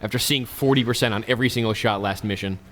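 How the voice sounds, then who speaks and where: A man's voice: on the low side, fast, a bit bright. A man hosting a let's play, giving casual, chatty commentary with joking asides to his viewers.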